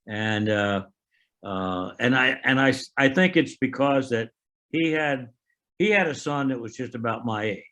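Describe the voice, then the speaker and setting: Older male veteran, halting anecdotal delivery, mid-pitched, reenacts conversations. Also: a bit bright. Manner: halting storyteller, frequent restarts and fillers; acts out remembered dialogue. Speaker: veteran interviewee. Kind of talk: oral history recollection.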